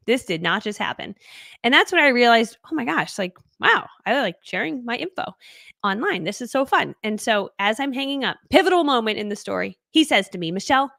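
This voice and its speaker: A woman's voice: on the high side, sing-song, a little fast, creaky, fairly bright tone, dry recording, clean studio sound. A middle-aged woman coaching in network marketing, telling her story in a bubbly, chatty way, laughing often and acting out other people's voices. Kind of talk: casual storytelling to camera. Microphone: webcam.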